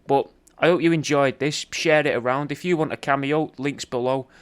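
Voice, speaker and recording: A man's voice: mid-range voice, fairly even intonation, moderate pace, smooth. A man hosting a podcast, delivering a rambling, sweary comedic roast and calling the listener "mate" constantly. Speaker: podcast host recording paid video messages.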